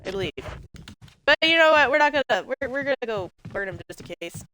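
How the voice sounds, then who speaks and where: A woman's voice: sits high, expressive, brisk, bright, forceful tone, slight background noise, low-quality recording. A woman giving let's play commentary as a gaming host, chatty and jokey and rambling as she plays.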